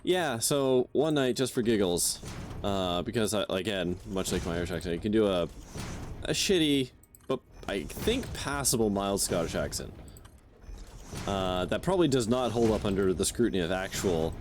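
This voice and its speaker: A man's voice: fairly low pitch, expressive, moderate pace, a little hiss or hum. A young man chatting casually while playing a game, counting aloud under his breath and swearing now and then. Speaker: game streamer.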